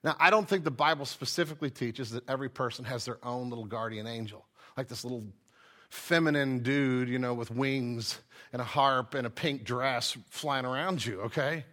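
A man's voice: mid-range voice, moderate pace, pushed and bright. A man giving a sermon as a pastor, speaking in a casual, chatty way with plenty of fillers.

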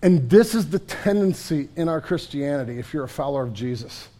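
High-voiced man preaching a sermon. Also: lively intonation, brisk. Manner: conversational preaching, often drops to a quiet, low delivery. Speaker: pastor.

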